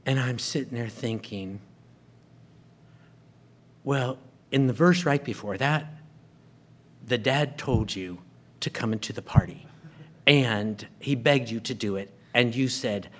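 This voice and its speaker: A man's voice: medium pitch, animated, slow pace, pauses often, a bit bright. A man preaching a sermon, retelling a story and acting out the characters' lines.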